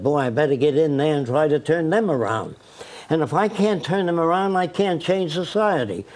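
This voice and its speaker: A man's voice: a little high, a little mellow. An older man giving an insistent, lecturing interview and telling anecdotes. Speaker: interview guest. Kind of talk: radio interview.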